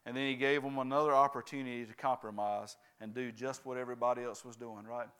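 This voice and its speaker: A man's voice: medium pitch, steady tone, fast talker, a bit bright, clear, resonant tone. A man preaching a sermon, constantly checking in with his congregation by asking "right?" and "amen?".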